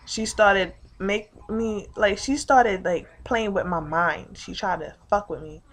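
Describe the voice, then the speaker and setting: A woman's voice: mid-range voice, slow pace. A late-teen woman telling a rambling, profane story about her day in a casual vlog, full of "like" and asides. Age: late teens. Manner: rambling and profane, heavy use of "like". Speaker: vlogger.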